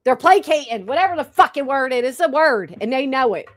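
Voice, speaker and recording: A woman's voice: high-pitched, expressive, fast talker, no echo, studio quality. A woman hosting a reaction stream, talking bluntly and profanely to her chat. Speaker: livestream commentary host.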